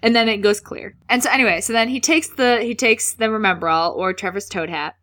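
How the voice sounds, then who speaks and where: A young woman in casual chat, telling a story with animated energy. Her voice is bright and forward, sitting in the middle of the range, and she bounces between narration and quick put-on voices. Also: mid-range voice. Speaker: podcast co-host recapping a book.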